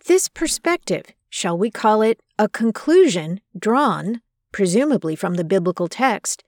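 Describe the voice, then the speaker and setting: A woman with a slightly high voice narrates a scripted podcast from a close microphone. She is measured and emphatic, and the sound is dry with no room echo. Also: a little mellow. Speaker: podcast host. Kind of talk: scripted narration of a personal story and biblical commentary.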